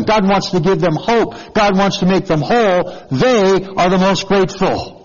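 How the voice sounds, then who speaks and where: Slow, earnest male preacher in a hall. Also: sits high, dull audio. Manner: earnest, asks the congregation questions. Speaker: pastor. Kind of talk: sermon.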